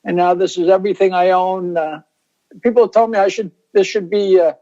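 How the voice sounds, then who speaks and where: An older comedian guest on a video call, telling stories in a rambling, self-interrupting way. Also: male voice, high voice, steady tone, a little fast, dark tone, highs cut off.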